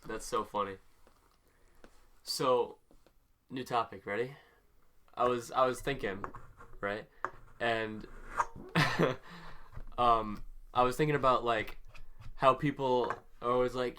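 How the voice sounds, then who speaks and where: A young man in casual podcast chat with a bright, forceful edge to his voice. He teases his co-host, chimes in with short reactions and laughs readily. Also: medium pitch, fairly even intonation, slight background noise. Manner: teasing, quick reactions and laughs.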